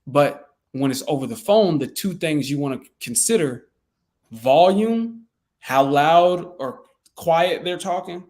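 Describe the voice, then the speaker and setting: A man's voice: on the high side, expressive, slow pace, darkish tone. A man coaching real estate sales in a loose, conversational way with frequent fillers and restarts. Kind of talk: casual teaching talk.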